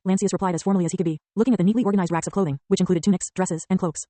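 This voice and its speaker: A woman narrating an audiobook in a brisk, even reading style. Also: on the low side, no echo. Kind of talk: scripted narration.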